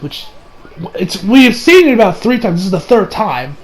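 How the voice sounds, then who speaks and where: A man's voice: sits high, normal speed, slight background noise, poor audio. A man hosting a casual anime episode recap, rambling with frequent restarts. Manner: animated, rambling, with frequent restarts and acted quotes. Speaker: anime reviewer.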